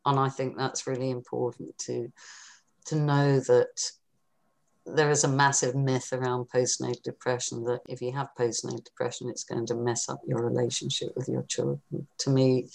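A woman's voice: rumbling low, gravelly, a little mellow. A middle-aged woman, a counsellor, talking in a reassuring and earnest way in a podcast interview. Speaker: postnatal depression counsellor.

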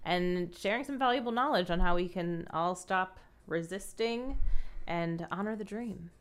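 Female podcast host, lower voice, friendly sign-off and show plugs. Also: a little slow, clear, resonant tone. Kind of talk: interview hosting.

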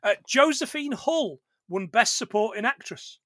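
A man hosting a casual podcast chat, joking, swearing and putting on quick voices for the characters he retells. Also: extremely high pitch, animated, a bit bright, no room sound. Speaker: podcast host.

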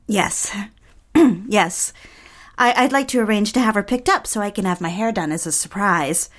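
An actress playing a nervous young bride-to-be in an audio drama, speaking in a hesitant, self-conscious way. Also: female voice, mid-range voice, moderate pace, close to an everyday voice. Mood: anxious. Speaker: lead character.

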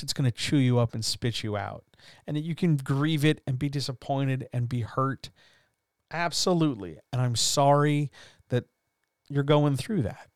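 A man hosting a writers chat, talking earnestly and at length, swearing now and then and repeating phrases, with his voice rising loud and dropping low. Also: no echo, studio quality. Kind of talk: impassioned motivational monologue.

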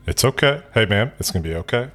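A man playing a tabletop game, speaking in character in a calm, reassuring way. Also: lowish voice, fast talker, faint music behind. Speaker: player.

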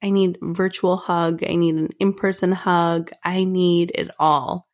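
A woman's voice: on the low side, flat delivery, a little slow. A woman hosting her own podcast, talking in a heartfelt, earnest way with repeated phrases. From Canada. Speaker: podcast host. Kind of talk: personal podcast monologue.

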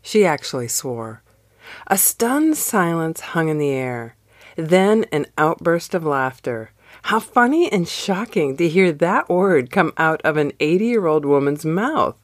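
Woman, devotional host, low voice, lively swooping delivery, slow expressive scripted read. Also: dry recording, studio quality.

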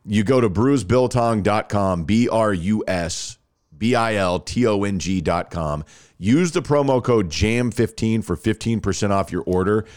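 A man's voice: lowish voice, unhurried, a little mellow. A man hosting a podcast, talking casually and chatting in a laid-back way with lots of fillers. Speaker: podcast host. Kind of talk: casual interview with ad read.

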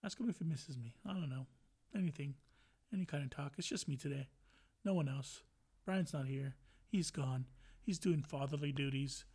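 A man's voice: fairly high pitch, normal speed, darkish tone, slightly rough. A man hosting a podcast alone, rambling and joking with a lot of profanity in casual chat. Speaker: podcast host.

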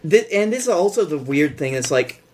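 A man's voice: on the high side, sing-song, brisk. A man co-hosting a podcast, recapping movie scenes sardonically and mimicking the characters' lines. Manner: sardonic, retells scenes with mock quotes. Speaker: podcast co-host. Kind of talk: casual movie review chat.

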